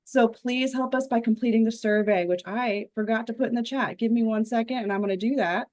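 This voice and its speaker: A woman's voice: fairly high pitch, a little fast, a little mellow. A woman hosting a live online webinar over a video call, wrapping up in an upbeat, chatty way. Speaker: webinar host.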